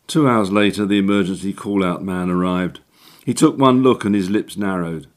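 Man reading a funny story, kinda low voice, dry and wry. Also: moderate pace. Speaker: narrator. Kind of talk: scripted narration of a comic story.

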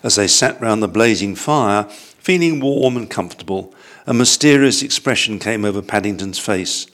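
A man reading a children's storybook aloud, calm and measured. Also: on the low side.

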